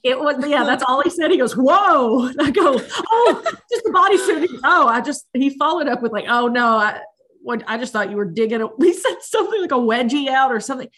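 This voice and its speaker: A lively woman with a slightly higher voice, chatting casually as a co-host. She tells stories with animation, slipping into the voices of the people in them. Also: fast talker. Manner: animated storyteller, acts out quotes. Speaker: podcast co-host. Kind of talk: casual chat.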